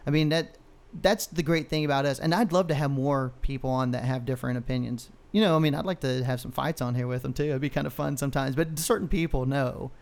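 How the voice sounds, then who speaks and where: A man's voice: medium pitch, fast talker, vocal fry, hardly any pauses. A man co-hosting a podcast, ranting in casual chat, heavy on profanity and rambling stories. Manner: profane, ranting, animated storyteller. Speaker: podcast co-host.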